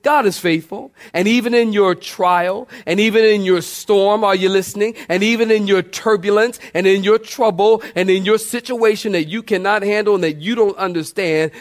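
A man's voice: moderate pace, few pauses. A man preaching a sermon, building his points by repetition and calling on the congregation to respond. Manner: preaching with call-and-response, sweeping pitch swings. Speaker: pastor.

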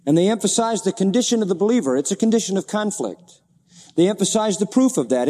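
A man's voice: a little high, dark tone, in a large hall. A man preaching a sermon as a pastor, asking repeated rhetorical questions and reading scripture aloud in old-fashioned wording.

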